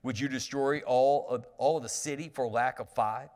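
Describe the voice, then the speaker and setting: A man's voice: mid-range voice, steady tone, normal speed, a little mellow, in a large hall. A male pastor preaching a sermon, reading scripture aloud and then explaining it in a folksy, conversational way with frequent restarts.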